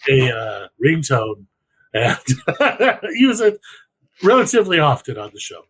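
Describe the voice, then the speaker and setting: A young man chatting casually on a podcast, rambling through crude slang and lively outbursts. His voice sits a little higher than most men's. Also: measured pace, breathy edge, low-quality recording. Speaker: podcast co-host. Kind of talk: casual chat.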